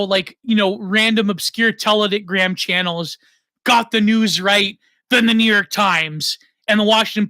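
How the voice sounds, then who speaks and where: Bright high-voiced man rambling. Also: dry recording. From Canada. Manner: rambling and opinionated. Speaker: host. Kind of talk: casual monologue.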